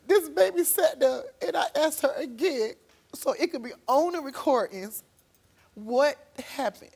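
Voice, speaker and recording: Woman guest, high voice, animated storyteller who leaps into loud quoted outbursts. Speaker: talk show guest. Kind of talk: emotional storytelling.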